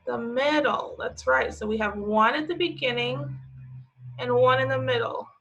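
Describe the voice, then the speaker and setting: A woman teaching a remote phonics lesson to young children, stretching out each word slowly as she sounds it. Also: sits high, vocal fry, a bit bright. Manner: slow, drawn-out sounding of words. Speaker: preschool teacher. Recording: slightly dull lo-fi audio.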